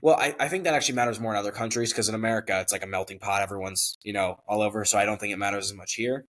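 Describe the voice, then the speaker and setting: A man as interview guest, explaining his company quickly and matter-of-factly. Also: fairly low pitch, steady tone, fairly bright tone. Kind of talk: casual conversational interview.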